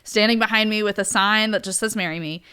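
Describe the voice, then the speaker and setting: A woman co-hosting a casual podcast, telling a story with lively energy and frequent laughter. Her voice is smooth and clear, set at a middle pitch. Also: quick pace. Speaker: podcast co-host.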